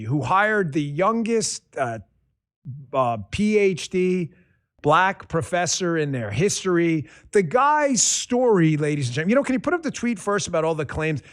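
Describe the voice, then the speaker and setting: A male host delivering a sarcastic political monologue. His voice sits high and swings widely, rising and dropping as he riffs. He talks in a loose, animated way, mixing jokes with argument.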